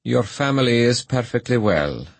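Grave, gentle old magistrate, read by a man, low husky voice, storybook reading. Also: moderate pace, no room sound. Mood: solicitous. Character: kindly older male magistrate, grave and gentle.

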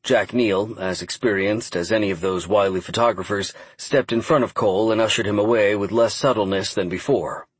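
A man giving steady, measured audiobook narration. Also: lowish voice, husky, no echo. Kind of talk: scripted narration.

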